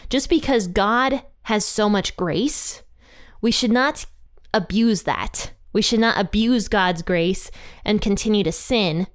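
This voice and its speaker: A woman leads a casual Bible study in a relaxed, chatty way, often laughing and giving the quoted lines a playful voice. Her voice is smooth and clean, at an ordinary middle pitch for a woman. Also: takes it slowly. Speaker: Bible teacher.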